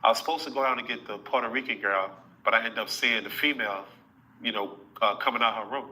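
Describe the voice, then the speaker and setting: A man's voice: medium pitch, fast talker, pushed and bright, low-quality recording. A man telling a boastful story in casual, slangy talk, often checking in with the listener. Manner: boastful and slangy, with frequent tag questions. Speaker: rapper telling a story in an interview clip.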